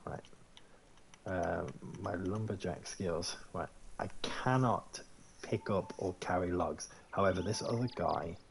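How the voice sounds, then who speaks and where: A man's voice: deep voice, creaky, background noise. A man around forty giving chatty, joking gameplay commentary while thinking aloud. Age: 40s. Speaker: gaming YouTuber.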